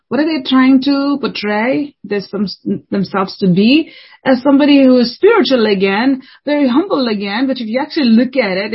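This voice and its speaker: A woman's voice: mid-range voice, breathy edge, lo-fi sound. A woman preaching a sermon in an earnest way, repeating phrases for emphasis.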